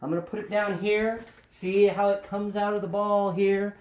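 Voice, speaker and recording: A man's voice: high-pitched, level tone, normal speed, darkish tone. A man hosting an educational animal show, chatting playfully and cracking jokes as he handles the animals. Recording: roomy echo.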